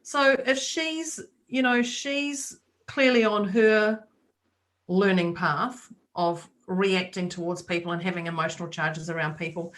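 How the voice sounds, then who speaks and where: A woman's voice: lowish voice, a little slow, fairly bright tone. A woman co-hosting a talk podcast, chatting casually and acting out the voices of people in her story. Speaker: podcast co-host. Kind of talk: casual chat.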